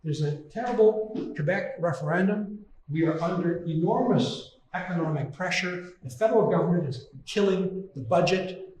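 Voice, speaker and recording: A man from Canada delivers a fervent, indignant lecture, pressing his points through repetition. His fairly high voice rings around a very reverberant hall. He sounds distant from the mic, with a faint hiss underneath. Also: moderate pace, a little mellow. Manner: impassioned, indignant, emphatic repetition. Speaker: guest lecturer. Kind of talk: public lecture with slides. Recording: very echoey hall, voice from far off.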